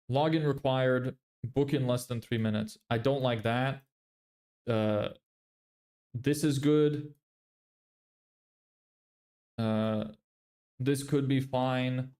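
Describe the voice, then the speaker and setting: A man's voice: mid-range voice, extremely slow, long pauses, a little mellow. A man livestreaming his screen, muttering blunt critiques of websites in a casual, neutral-sounding accent. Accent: neutral, often heard as American. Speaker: business vlogger.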